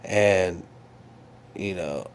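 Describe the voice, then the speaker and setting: Lowish man rambling through a dream story. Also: extremely slow, clear, resonant tone. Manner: rambling, many fillers and restarts; earnest, reflective.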